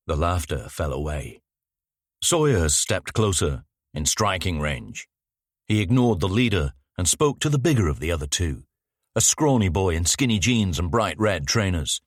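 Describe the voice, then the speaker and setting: A man narrating an audiobook thriller in a measured, descriptive way. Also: low voice, animated, no room sound, studio quality. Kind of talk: scripted narration.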